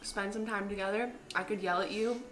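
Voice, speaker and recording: A young woman hosting a casual cooking vlog in her home kitchen, excitable and profane, jumping from loud outbursts to mumbled asides. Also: medium pitch, brisk. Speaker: vlog host. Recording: roomy kitchen with music behind.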